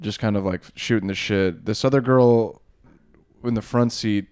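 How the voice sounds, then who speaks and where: A man's voice: on the low side, normal speed, a little mellow, clean tone, no room sound, studio quality. A young man in casual podcast chat, telling a long rambling story with plenty of swearing. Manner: rambling, profane, laughs through his stories. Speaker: podcast co-host.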